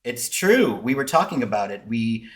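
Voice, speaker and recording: Guy cohosting a podcast, joking and rambly, average pitch. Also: very animated, moderate pace. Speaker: podcast co-host. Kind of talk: casual podcast chat.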